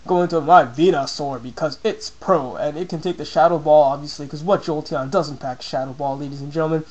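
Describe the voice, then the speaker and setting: Excitable young man commentating a game battle. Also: fairly quick, poor audio. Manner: excitable, quoting his own reactions with jumps in pitch.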